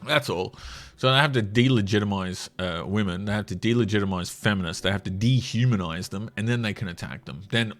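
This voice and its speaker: A man's voice: on the low side, brisk, fairly bright tone, soft background music. A man giving sarcastic, mocking commentary while scrolling through a social media feed. He laughs often.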